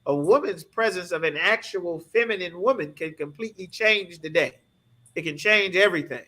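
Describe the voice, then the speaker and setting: A man preaching through a scripture lesson, emphatic and constantly checking that his listeners follow. His voice sits high for a man, bright and forceful. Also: moderate pace. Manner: emphatic, keeps asking "you understand?". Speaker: scripture class teacher.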